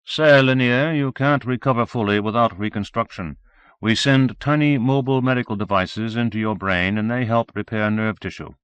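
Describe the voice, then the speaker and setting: A man voicing a brisk, matter-of-fact male doctor, pitched higher and louder than his narration. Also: clear, resonant tone, dull audio, natural voice.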